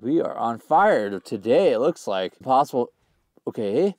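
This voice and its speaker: A young man giving casual gameplay commentary, full of slang, who often bursts into loud screams and laughter. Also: mid-range voice, a little slow, faint music behind. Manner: hyped, yells and screams when excited, slangy. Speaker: gaming YouTuber.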